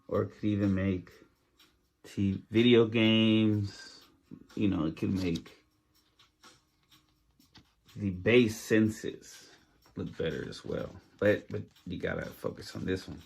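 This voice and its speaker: A man's voice: on the low side, gravelly, a little mellow. A man hosting his own podcast in loose, rambling casual chat, jittery from coffee, with lots of fillers and restarts. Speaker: podcast host.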